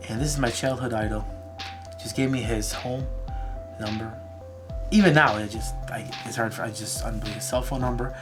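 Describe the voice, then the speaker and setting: A man from Chicago telling a personal story in a documentary interview, animated and full of "you know, man.". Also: mid-range voice. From Chicago, USA.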